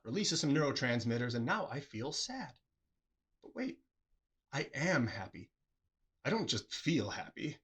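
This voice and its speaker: A man's voice: medium pitch, a bit bright, slightly rough. Man, solo host, reflective talk, earnest, questioning, acts out quotes. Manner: earnest, asks the listener many questions, acts out quoted replies.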